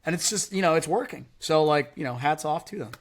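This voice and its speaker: A man's voice: fairly high pitch, a little fast. A man hosting a podcast, talking casually and energetically, filling his speech with "like" and "right?". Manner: animated, heavy use of "like" and "right?". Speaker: podcast host.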